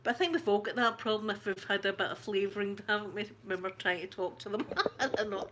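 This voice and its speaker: Speaking fast with few pauses, a woman with a Scottish accent chats and rambles to her ASMR channel's live-stream audience, laughing frequently. Her medium-pitched voice is a bit bright, with a little hiss or hum.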